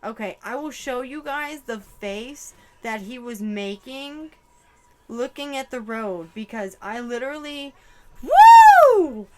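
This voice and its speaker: A woman's voice: fairly high pitch, a little slow, a little hiss or hum. A young woman giving an emotional channeled psychic reading, full of exclamations and swearing. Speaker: tarot reader.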